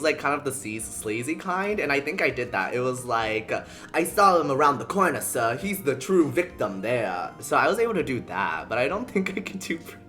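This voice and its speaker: A streamer chatting casually and giggling while playing a courtroom game, over faint game music. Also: mid-range voice. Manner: animated, giggly, self-talking.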